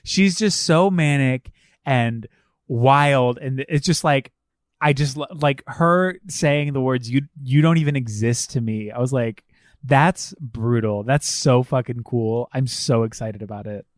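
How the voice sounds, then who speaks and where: A man co-hosting a podcast, chatting casually about a film, animated and swearing as he acts out its lines. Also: medium pitch, unhurried, no room sound, studio quality. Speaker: podcast co-host.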